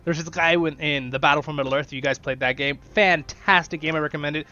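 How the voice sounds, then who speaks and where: A man casually commentating his strategy gameplay, chatty and excitable, talking straight to his viewers. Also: fairly high pitch, fairly quick. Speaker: gaming channel host. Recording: dull lo-fi sound with faint music.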